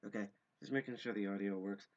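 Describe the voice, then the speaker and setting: Low, mellow man hosting a livestream. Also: fast. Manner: rambling, many fillers, self-deprecating. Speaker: livestream host and hacker group co-founder. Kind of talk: casual livestream chat. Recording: dull lo-fi stream audio.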